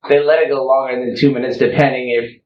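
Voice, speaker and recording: A man telling a story casually in a lively way, acting out quotes and often laughing. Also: mid-range voice, fast talker, roomy sound, muffled recording.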